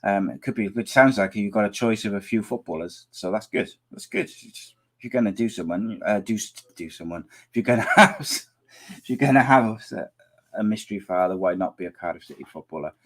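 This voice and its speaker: Hoarse, rambling podcast host. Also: male voice, fairly low pitch, brisk, fairly bright tone. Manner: chatty, teasing, rambling with many restarts. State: losing his voice. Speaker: podcast host reading viewer comments. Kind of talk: casual live chat.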